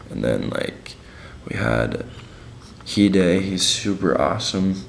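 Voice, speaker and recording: A man's voice: low-pitched, sing-song, takes it slowly, vocal fry, reverberant, slight background noise. A young man on a mission, telling his week in a casual, slangy video diary. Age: young adult. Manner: laid-back and slangy, many fillers.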